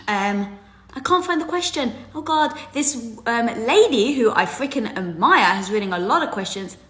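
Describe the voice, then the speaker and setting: A woman hosting a live video, giving casual motivational talk in a candid, animated way with lots of fillers and casual swearing. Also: on the high side, normal speed. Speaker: host of a live social media video. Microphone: headset or phone mic. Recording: echoey room sound.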